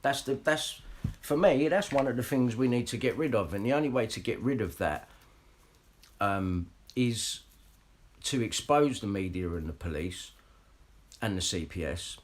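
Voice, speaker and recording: A livestream vlogger with a medium-pitched voice and moderate pace rants casually to his viewers, addressing them directly and swearing a lot.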